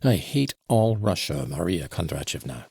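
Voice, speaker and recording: A man's voice: sits low, big pitch swings, moderate pace, creaky, a little mellow, slightly rough, dry recording, heavily acted. A man reading a sneering, conceited manservant. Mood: contemptuous. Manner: sneering, self-important lecturing. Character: scornful young male servant, conceited and bitter. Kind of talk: audiobook character reading.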